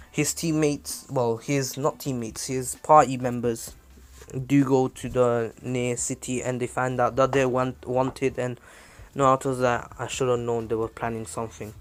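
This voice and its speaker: A man's voice: mid-range voice, smooth. Rambling casual young man storyteller. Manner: rambling, with many fillers and self-corrections. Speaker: YouTuber retelling a fan story. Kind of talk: casual spoken retelling.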